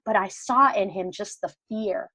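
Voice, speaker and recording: In a dry, low-quality recording, a middle-aged podcast guest with a mid-range voice recounts something that happened to her, talking a little slowly. The conversation is casual, and she performs the quoted lines with lively energy.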